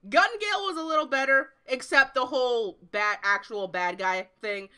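A woman's voice: sits high, normal speed, sharp tone, clear, resonant tone. A woman hosting a podcast, chatting casually and reading out news. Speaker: podcast host.

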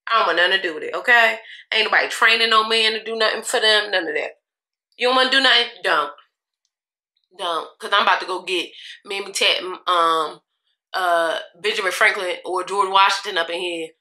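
A woman's voice: medium pitch, fairly quick, pushed and bright. A young woman, chatting sassily to her viewers while getting ready, laughing often. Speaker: beauty vlogger. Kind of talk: casual get-ready-with-me chat. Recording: echoey room.

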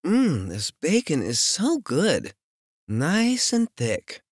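A man putting on a breathy, teasing young woman. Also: on the high side, wildly swooping pitch, slow, no room sound, clean studio sound, pitched above the performer's own voice, heavily acted. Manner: teasing, sing-song.

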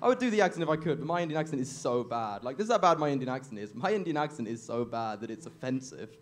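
A man's voice: medium pitch, lively intonation, fast. A young man doing a stand-up comedy set on a club stage, awkward and self-deprecating, chuckling at his own jokes into a handheld mic.

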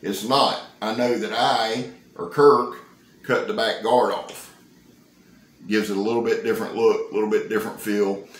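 Excitable man in his fifties. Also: fairly low pitch, normal speed, slight background noise. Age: 50s. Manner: excitable, folksy, joking. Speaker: knife reviewer. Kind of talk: casual knife-review vlog. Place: indoor room. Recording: roomy, echoey sound.

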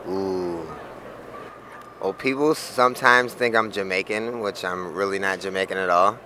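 A man at a travel expo, answering with deadpan one-liners. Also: deep voice, unhurried, soft background music. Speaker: interviewee. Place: busy travel expo hall.

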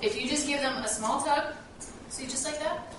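Lady training a puppy at home, kinda high voice, sounds far off in a boomy little room, hum in the background. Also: normal speed. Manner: instructive, switches to high sing-song praise for the dog. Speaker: dog trainer. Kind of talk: casual home training demo. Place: small room indoors in a house. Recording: echoey room, distant camera mic.

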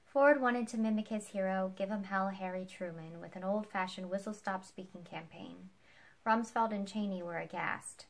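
A woman reading a nonfiction book aloud, with lively delivery of quoted lines. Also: mid-range voice, moderate pace. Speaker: book reader.

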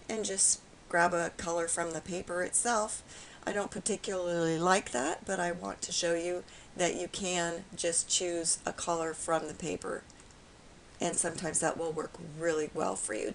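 A woman with a raspy voice today, calmly walking viewers through a step-by-step software tutorial. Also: fairly low pitch, a little hiss or hum, low-quality recording. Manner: calm, explanatory, with frequent fillers.

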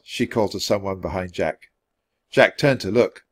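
Expressive man reading a storybook aloud. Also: low voice, moderate pace, slightly rough. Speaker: storybook reader. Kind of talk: read-aloud narration for English learners.

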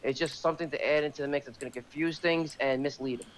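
Male co-player, quick talker, slightly high voice, blunt casual chat, faint background noise. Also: fairly even intonation. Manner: blunt, opinionated, frequent swearing. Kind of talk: casual chat while gaming.

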